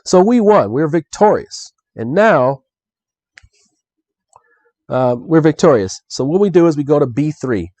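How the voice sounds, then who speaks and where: A man hosting a live solo board game playthrough, animated and excitable, talking straight to his viewers. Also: fairly high pitch, measured pace, pauses often, no echo. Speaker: board game show host.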